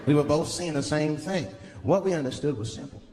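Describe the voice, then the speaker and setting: Lively high-voiced comedian on stage. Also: male voice, a little fast, over music. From United States. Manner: loose storytelling with punchy asides and profanity. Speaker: stand-up comedian. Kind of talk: stand-up routine. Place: stage before a laughing audience. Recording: noisy live show recording.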